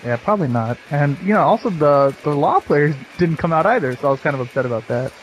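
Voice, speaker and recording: A man's voice: on the high side, lively intonation, fast talker, slight background noise, rough recording. A man co-hosting a casual chat, laid-back and laughing easily. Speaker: co-host. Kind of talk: casual chat over match footage.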